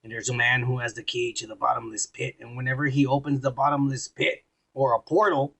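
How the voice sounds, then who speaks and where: A man's voice: medium pitch, level tone, fairly quick, creaky, a bit bright, husky. A man co-hosting a podcast, chatting casually, swearing often and reading viewer comments aloud. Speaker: podcast co-host. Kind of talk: casual drunk podcast banter.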